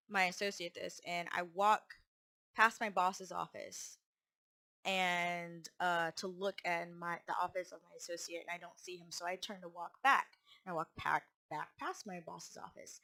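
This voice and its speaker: Woman vlogger with a bright, sharp voice, casually telling a rambling story full of restarts. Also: lowish voice. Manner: rambling, with restarts and acted-out quotes.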